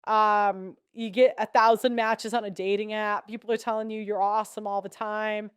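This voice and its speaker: A woman's voice: medium pitch, level tone, normal speed, clear, resonant tone, no echo, studio quality. A young woman giving blunt, sarcastic commentary as a podcast host, laughing between points. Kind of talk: casual opinionated commentary.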